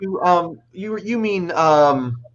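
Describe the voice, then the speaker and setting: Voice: mid-range voice, lively intonation, slow, muffled recording. A host of a casual interview making brief, encouraging interjections.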